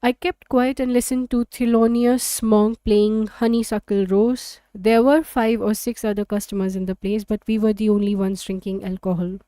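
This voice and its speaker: A woman narrating an audiobook in a steady, even-paced reading. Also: mid-range voice, normal speed, hardly any pauses, dry recording. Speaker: audiobook reader.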